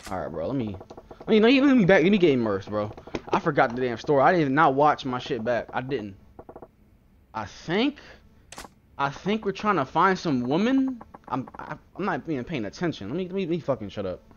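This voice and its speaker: An excitable man rants profanely while playing a game, his voice swinging up and down. He talks close to the mic, and the sound is dull and lo-fi. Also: medium pitch, a little fast, a little hiss or hum. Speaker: gaming channel host. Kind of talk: let's-play gaming commentary.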